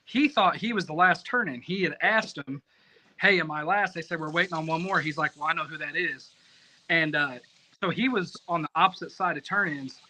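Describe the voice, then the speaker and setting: A man telling a rambling, profane story in casual podcast talk, animated and self-mocking. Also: fairly high pitch, low-quality recording. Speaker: competition barbecue cook, podcast guest.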